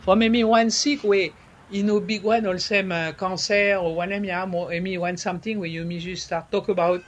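High-voiced man. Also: fairly even intonation, fairly bright tone, dull audio. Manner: halting, repeats words, slips into French. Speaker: interviewee. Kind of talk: conversational explaining.

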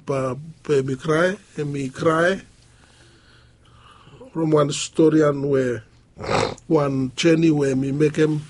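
A man preaching a sermon, pausing often as he talks. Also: medium pitch, a little mellow, slight background noise. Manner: halting, with frequent pauses and fillers.

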